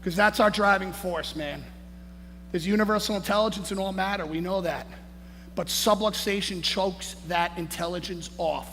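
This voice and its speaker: A man giving a hyped-up motivational speech as a conference speaker on stage, shouting and peppering his lines with "man" and "baby". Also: high voice, normal speed. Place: large conference hall on stage. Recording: echoey hall, faint noise.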